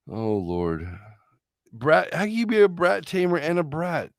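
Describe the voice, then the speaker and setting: A man's voice: on the high side, huge pitch swings, measured pace, vocal fry, no room sound, clean studio sound. A man hosting a live stream, reacting to results with profane, incredulous, theatrical commentary. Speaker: streamer host.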